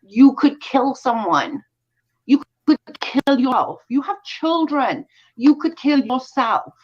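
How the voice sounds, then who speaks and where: A woman's voice: high voice, expressive, slow pace. Woman, stream host, casual commentary, exasperated, repeats herself, dull lo-fi sound. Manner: exasperated, emphatic, repeats points.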